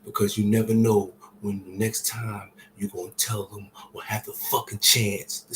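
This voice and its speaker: A man with a fairly low voice recounts a painful personal story straight to his audience. His speech is casual and peppered with profanity, sinking to near-whispers before rising again. A faint background hiss runs under the recording. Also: flat delivery, normal speed, hardly any pauses, poor audio. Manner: drops to near-whispers and rises to shouts while retelling. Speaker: vlogger sharing a personal story. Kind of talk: emotional personal storytelling to camera.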